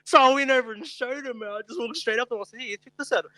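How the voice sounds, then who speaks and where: Kiwi bloke on a podcast, bright high voice, swears and cracks up telling yarns. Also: male voice, very fast, low-quality recording. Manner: swearing, laughing storyteller, calls people bro. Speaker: podcast co-host. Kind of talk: casual chat, storytelling.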